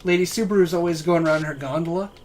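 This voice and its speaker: A man's voice: on the high side, rapid-fire, over a noisy crowd. A man with a nasal voice, just over a cold, casually commenting while playing and reviewing a game. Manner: joking, rambling, trails off.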